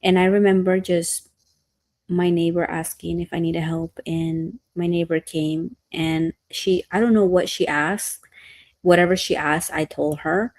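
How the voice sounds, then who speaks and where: Soft-spoken mother, dry close sound. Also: lowish voice, steady tone, unhurried, no room sound. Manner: earnest, storytelling, acts out quotes. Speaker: podcast co-host. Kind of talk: casual chat.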